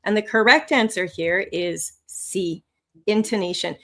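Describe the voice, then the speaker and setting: A woman instructor teaching English test skills on a live webinar, with lively, rising and falling intonation. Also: mid-range voice, a little slow.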